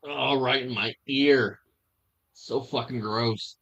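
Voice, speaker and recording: A man's voice: medium pitch, steady tone, takes it slowly, fairly bright tone, highs cut off. A man giving crude, mocking reaction commentary on a stream, often breaking into laughter. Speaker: stream reviewer.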